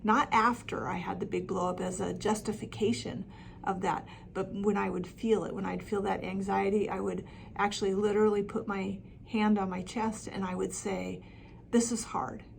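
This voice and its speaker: A woman's voice: mid-range voice, level tone, normal speed, creaky, a little hiss or hum. A middle-aged woman coaching parents with practical advice, talking plainly with frequent ums and restarts. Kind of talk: talking-head advice video.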